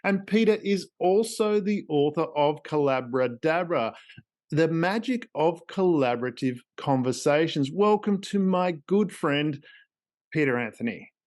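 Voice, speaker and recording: A man's voice: fairly high pitch, animated, measured pace, darkish tone. An Australian man hosting a business podcast with a playful, theatrical delivery and fond wordplay. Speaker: podcast host.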